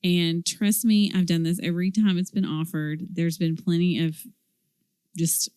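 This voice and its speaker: A woman's voice: fairly low pitch, steady tone, measured pace, a little mellow, smooth, no echo, studio quality. A middle-aged woman co-hosting a podcast in casual chat, agreeable and encouraging. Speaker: podcast co-host.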